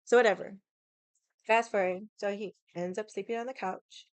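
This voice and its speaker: A woman vlogger telling a story in a casual, animated way, swearing a lot and using lots of "like" fillers. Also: mid-range voice, normal speed, clean tone, dry recording. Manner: animated, heated retelling.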